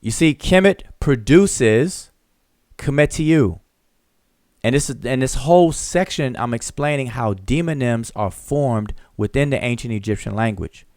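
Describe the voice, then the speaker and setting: A man's voice: medium pitch, unhurried, a little mellow, no echo. Emphatic man explaining, dry close sound. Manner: emphatic, repeats points to drive them home; explains step by step with examples. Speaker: teacher and channel host. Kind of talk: live open discussion.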